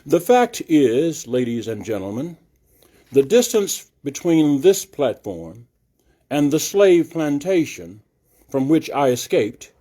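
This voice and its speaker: A solemn 19th-century abolitionist orator, as an older man reads his speech aloud. The delivery is formal and declamatory, slow and weighty, with a dark, mellow tone. It is spoken to a live audience in an art gallery. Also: on the high side, very animated, pitched above the performer's own voice, full character voice. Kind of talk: oratorical reading.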